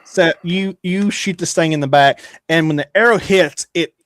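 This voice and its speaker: A man's voice: fairly high pitch, normal speed, fairly bright tone, dry recording. Guy running a tabletop game, casual and rambling, dry close sound. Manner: casual, rambling, with frequent restarts. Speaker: game master.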